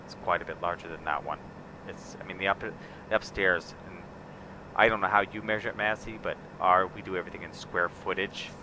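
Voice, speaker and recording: A man streaming a farming game, muttering wry casual commentary to himself as he plays. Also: deep voice. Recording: noisy background.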